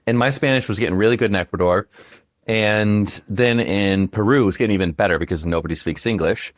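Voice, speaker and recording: A man co-hosting a podcast in casual chat, animated and swearing, jumping high when excited. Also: moderate pace, dry recording, clean studio sound. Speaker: podcast co-host.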